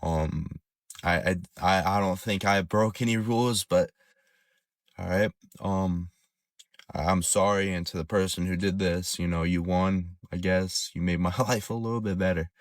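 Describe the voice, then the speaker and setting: A man with a low voice speaks in a hesitant, halting way, stumbling and repeating words as he talks to the camera. The sound is dry, with no room echo. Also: steady tone. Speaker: content creator. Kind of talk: casual vlog confession.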